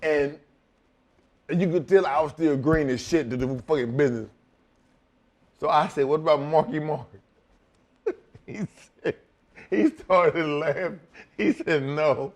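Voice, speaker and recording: Pausing at length and keeping a measured pace, a man who used to wrestle recounts a foul-mouthed backstage story as a guest in casual conversation. His voice is a little high, and he animatedly plays both parties in the exchange.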